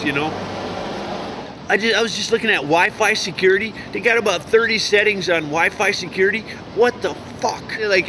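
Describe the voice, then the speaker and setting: A man rambling and ranting outdoors, cursing a lot and stammering through fillers. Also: high-pitched. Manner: profane, stammering, lots of fillers. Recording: noisy street recording.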